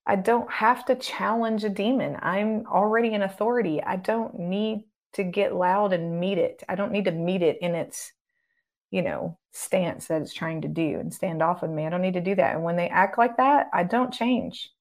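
A middle-aged woman, a guest minister, talking earnestly and calmly in an interview and sometimes acting out the prayers she speaks. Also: medium pitch, moderate pace. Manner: calm, earnest, instructive, acts out prayers. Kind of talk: conversational teaching interview.

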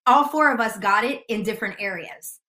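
A woman guest sharing a faith testimony in casual conversation, an animated storyteller who laughs often. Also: medium pitch, a little fast, reverberant.

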